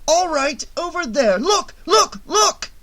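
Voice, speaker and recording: A man's voice: very high-pitched, expressive, slow, fairly bright tone, pitched above the performer's own voice, full character voice. A man voicing a tense, obsessed psychiatrist who speaks urgently and anxiously in an audiobook reading. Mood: frantic. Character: haunted middle-aged male psychiatrist, tense and obsessed.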